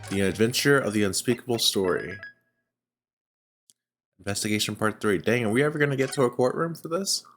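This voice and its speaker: A man's voice: fairly low pitch, brisk, long pauses, a bit bright, faint music behind. Chatty man narrating his gameplay. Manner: chatty, reads game text aloud, laughs often. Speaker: let's play host. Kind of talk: casual gameplay commentary.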